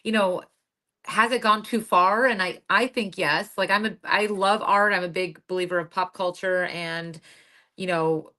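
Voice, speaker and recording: A woman co-hosting a casual podcast chat. Her voice is bright and forward. She rambles, circling back with ums and restarts. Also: fairly low pitch, steady tone, moderate pace. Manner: chatty, lots of fillers and restarts. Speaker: podcast co-host.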